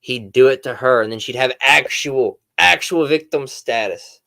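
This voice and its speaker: A man's voice: mid-range voice, moderate pace, vocal fry, sharp tone. A man streamer giving reaction commentary, explaining to chat with dry, sarcastic asides.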